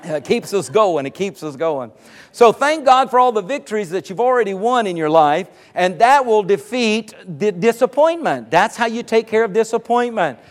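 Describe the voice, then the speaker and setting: Male pastor with a high voice, preaching from the pulpit, lively storytelling. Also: normal speed. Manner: animated, rises to exclamations of praise. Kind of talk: sermon storytelling.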